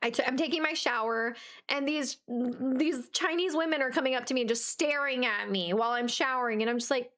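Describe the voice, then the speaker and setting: A woman's voice: sits high, fairly quick, fairly bright tone. A young woman co-hosting a podcast, telling a story in a bubbly, giggly, rambling way. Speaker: podcast co-host. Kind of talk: casual chat, animated storytelling.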